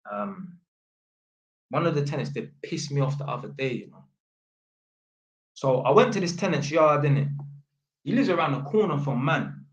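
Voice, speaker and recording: Rambling man, slangy, in an echoey room. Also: on the high side. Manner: slangy, rambling, full of fillers and restarts. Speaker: electrician. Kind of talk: storytelling vlog. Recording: roomy echo.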